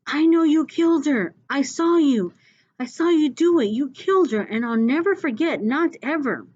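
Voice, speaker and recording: A woman reading aloud, voicing a big, slow teenage boy who pleads and shouts in desperation. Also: medium pitch, animated, muffled recording. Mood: desperate. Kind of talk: storybook read-aloud.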